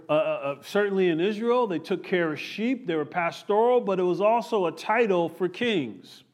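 A man delivers a sermon in a fairly high voice. His preaching is animated, swinging between loud, excited peaks and quiet, low asides. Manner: animated preaching, rising and falling emphasis. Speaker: pastor.

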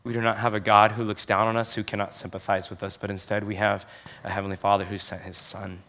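A young adult man delivering a sermon from the pulpit, his voice sitting a little low. He talks earnestly and with emphasis, drawing out the key phrases. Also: level tone, fast talker, fairly bright tone. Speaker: pastor.

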